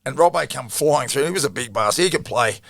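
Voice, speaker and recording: Gravelly Australian man telling yarns. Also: mid-range voice, expressive, fast, dry recording, studio quality. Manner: swears freely, laughs through his stories. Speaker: guest, former rugby league player. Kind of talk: casual storytelling interview.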